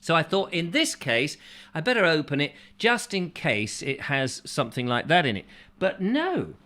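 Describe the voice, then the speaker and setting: A man chats through a live stream, reading out names and joking around. His pitch jumps about in an animated way, and his tone is bright and forceful. He sounds playful and a touch silly. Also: normal speed. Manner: playful, jokey, drifting into silly voices. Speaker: host. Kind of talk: casual live-stream chat.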